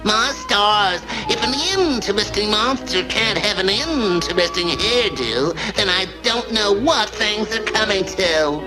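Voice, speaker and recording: An actor playing a cartoon hairdresser, gushing and prissy, swooping pitch, music behind. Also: expressive, measured pace, hardly any pauses, natural voice, rough recording. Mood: fussy gushing. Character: fussy chattering cartoon hairdresser. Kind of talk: cartoon voice acting.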